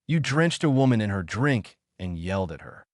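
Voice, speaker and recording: A stern, formal student council president, as a man reads her out, his lowish voice lively in pitch and recorded dry. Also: normal speed, no room sound.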